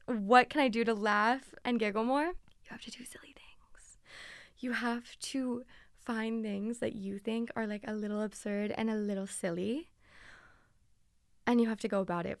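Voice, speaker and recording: A woman's voice: medium pitch, gravelly, clean tone, no room sound. A young woman hosting a podcast, chatting casually and bubbly as she answers listener questions in a recording studio on a studio mic. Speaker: podcast host. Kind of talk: casual solo podcast chat. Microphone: studio microphone.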